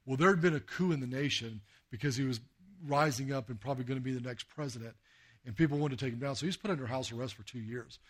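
A man's voice: medium pitch, fast. A man preaching a sermon, telling stories in a conversational way with many fillers. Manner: anecdotal, conversational, with frequent fillers and acted quotes. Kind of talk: sermon with storytelling.

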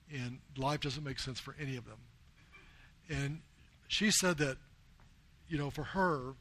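A man's voice: medium pitch, bright, forceful tone. A man from the United States preaching a sermon as a missionary, telling earnest stories and quoting people in his own plain voice.

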